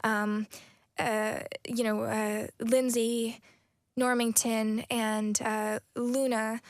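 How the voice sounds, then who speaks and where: A young American woman in her twenties, an actress answering interview questions in a soft, thoughtful way with many pauses and restarts. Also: a little high, little pitch movement, dry recording, studio quality. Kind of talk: casual interview chat.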